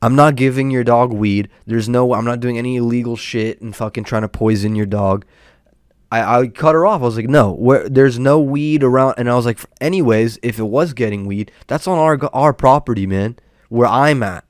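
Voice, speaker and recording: A man's voice: mid-range voice, moderate pace, no room sound, studio quality. A young man hosting a podcast, telling a rambling, profane story about his neighbor in a casual, exasperated rant. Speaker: podcast host.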